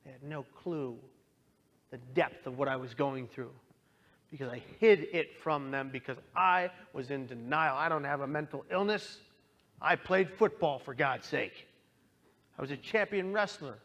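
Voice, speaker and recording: A man telling his own story as a dramatic testimony, impassioned and pleading, swinging from hushed lines to loud outbursts. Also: mid-range voice, moderate pace. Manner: pleading, directly addresses listeners. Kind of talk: dramatic personal testimony talk.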